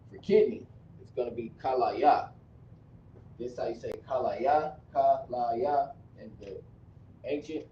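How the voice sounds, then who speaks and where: A man's voice: medium pitch, dark tone, slight background noise. Man teaching letters in an echoey room. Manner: slow, repetitive, corrects himself often. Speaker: language teacher. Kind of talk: recorded script lesson. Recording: distant, dull, echoey room recording.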